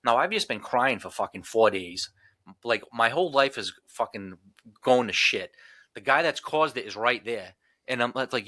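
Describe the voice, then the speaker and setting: A man's voice: mid-range voice, animated, moderate pace, bright, forceful tone, no room sound. A man talking as a podcast guest in casual chat, ranting emphatically and swearing often.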